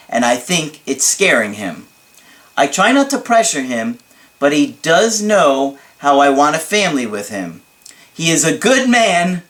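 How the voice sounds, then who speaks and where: Male relationship coach with a slightly high voice, reads viewer letters aloud, self-mocking jokes, earnest advice. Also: a bit bright. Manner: joking and self-mocking, laughing at his own asides; earnest and explanatory when giving advice. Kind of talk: casual video talk reading and answering a viewer's letter.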